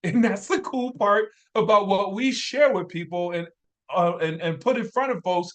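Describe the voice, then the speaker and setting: A man giving an energetic, repetitive motivational sales training talk, hyping urgency. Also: high-pitched, normal speed.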